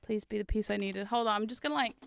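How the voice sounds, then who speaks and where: A woman streaming from her desk in casual chat, giggly and chatty with loud squealing exclamations, on a close microphone. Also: mid-range voice, fast talker, creaky, a little hiss or hum. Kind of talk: casual chat while building.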